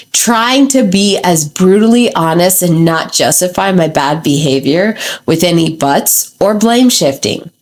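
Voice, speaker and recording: A woman in her thirties hosting a solo podcast, telling a candid, raw confession with frank asides to the listener. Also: fairly low pitch. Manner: candid and raw, with asides like "let me tell you" and "okay?". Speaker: podcast host.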